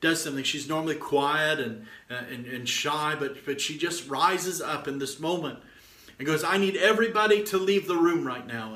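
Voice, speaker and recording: A man's voice: mid-range voice, sharp tone, roomy sound. A middle-aged man preaching and telling a testimony in a fervent, exhorting way, often stringing words together with repeated "and"s. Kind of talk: sermon storytelling.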